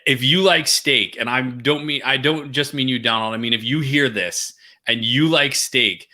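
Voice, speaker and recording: A middle-aged man with a bright, forceful voice tells a story in a casual, animated way. He slips into comic voices for the people he quotes, then drops back to his own. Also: medium pitch, normal speed. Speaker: podcast guest.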